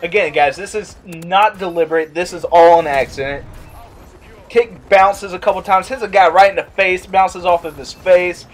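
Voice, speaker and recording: A young man vlogging, telling a casual story and acting out the quotes in a higher voice. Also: moderate pace. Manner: animated, acts out quotes in a higher voice.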